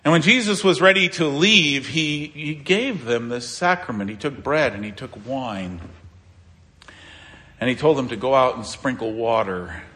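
A man preaching a sermon as pastor, conversational and halting, with many restarts and fillers. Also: medium pitch, lively intonation, sharp tone. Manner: conversational preaching, explaining scripture.

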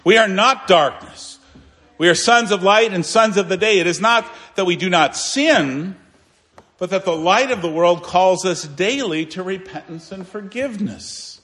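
A male pastor delivering a sermon in a slightly high voice, earnest and emphatic. He climbs to raised declarations, then drops to quiet, low asides. The sound carries a long reverb from the church hall. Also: expressive, unhurried. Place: church sanctuary.

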